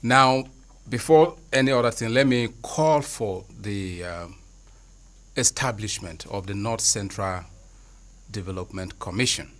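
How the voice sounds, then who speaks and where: Measured Nigerian journalist, lowish voice. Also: male voice, a bit bright. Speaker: panelist, journalist. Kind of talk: studio panel discussion.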